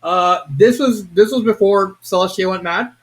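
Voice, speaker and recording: A young man giving a casual, rambling video review of a fan story, excitable and prone to restarts. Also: high-pitched, normal speed. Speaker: fanfiction reviewer.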